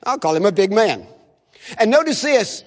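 A man preaches with a high, lively voice that swoops up and down as he leads the crowd in repeating lines. His sermon rings out through a hall with a long echo. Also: moderate pace. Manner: animated, has the audience repeat phrases. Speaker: visiting preacher. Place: chapel service.

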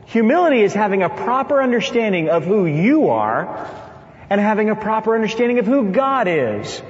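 A male preacher with a fairly high voice that swings widely in pitch as he delivers a lively sermon with playful asides. The sound is dull and carries a long reverb, as if from a big hall. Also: normal speed.

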